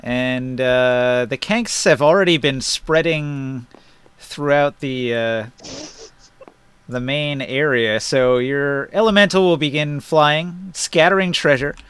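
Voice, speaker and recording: A man running a tabletop game as game master, narrating in a relaxed way with frequent fillers. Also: mid-range voice, slow pace, clean tone, no room sound.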